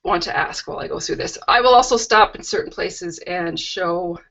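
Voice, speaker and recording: A woman's voice: fairly low pitch, moderate pace, vocal fry, fairly bright tone. A middle-aged woman hosting a live craft stream from her home, chatting casually with homey, rambling asides. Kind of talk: casual live-stream chat and product tour. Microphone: video call webcam. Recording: lo-fi video call audio.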